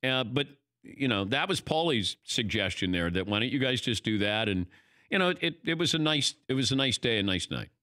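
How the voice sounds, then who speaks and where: Lively older man, animated storyteller. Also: mid-range voice, moderate pace, no echo, clean studio sound. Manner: animated storytelling, acting out quoted lines. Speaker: host. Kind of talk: casual chat.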